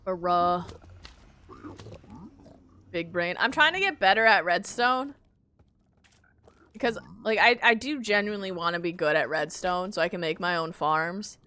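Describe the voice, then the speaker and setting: A woman's voice: lowish voice, unhurried, long pauses, pushed and bright, smooth. A woman streaming a game, chatting to herself and her viewers as she builds, mocking her own mistakes. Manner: self-mocking, talks to herself while building. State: hiccups. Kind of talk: casual gameplay commentary.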